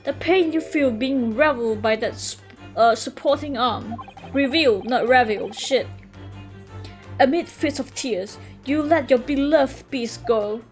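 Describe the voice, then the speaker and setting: A woman reading the lines of a pompous gentleman detective aloud from a game, with stumbles over the florid words. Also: high voice, unhurried, faint music behind. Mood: grandiose.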